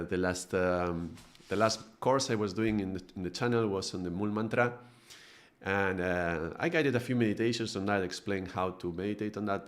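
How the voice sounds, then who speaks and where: Calm man, lowish voice. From Spain. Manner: calm, unhurried, with frequent hesitations. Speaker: meditation teacher. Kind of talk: live-streamed spiritual talk.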